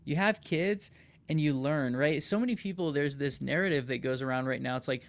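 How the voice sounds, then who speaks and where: A man's voice: on the high side, a little fast. A man hosting a casual podcast conversation, talking emphatically and often tossing in "dude", "man" and "right?". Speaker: podcast host.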